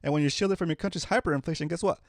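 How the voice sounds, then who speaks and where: A man in his thirties hosting a casual livestream, animated and forever asking "right?". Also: fairly high pitch, rapid-fire, dry recording, studio quality. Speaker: host.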